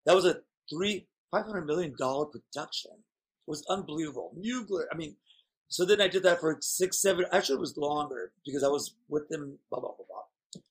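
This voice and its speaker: A man's voice: a little high, fairly quick, slightly rough. A man chatting as a guest, telling rambling, candid stories in a playful way. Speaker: guest performer. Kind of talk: casual chat.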